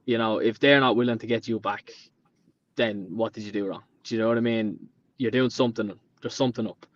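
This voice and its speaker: This man, in his late twenties and from Dublin, Ireland, speaks in a lowish voice with fairly even intonation and a brisk pace. A painter and decorator appearing as a podcast guest, he tells rambling stories in casual chat and acts out what people said. The recording has a dull lo-fi sound.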